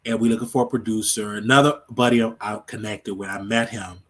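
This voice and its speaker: A man's voice: fairly low pitch, fairly even intonation, fairly quick. A man hosting his own show, chatting casually and rambling on a livestream, laughing often. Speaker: show host.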